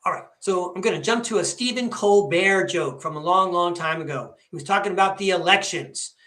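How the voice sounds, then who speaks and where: A man in his fifties hosting a podcast, telling rambling, animated stories in a casual monologue. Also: high voice, brisk, roomy sound. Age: 50s. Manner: chatty, rambling, animated storyteller. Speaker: podcast host.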